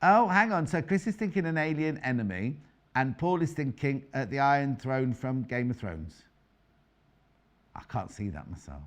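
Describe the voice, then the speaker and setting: A woman's voice: rumbling low, expressive, moderate pace. A middle-aged woman presenting a live TV sewing demonstration as a quilting expert, chatty and bantering with crew and viewers.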